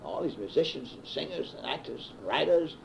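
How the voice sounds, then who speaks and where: Speaking a little fast, this man's creaky, mid-range voice stays animated as he wanders through a long story with many uh's and restarts. He's a fifty-something radio broadcaster with a Southern US accent being interviewed. The old reel-to-reel recording sounds dull and faintly hissy.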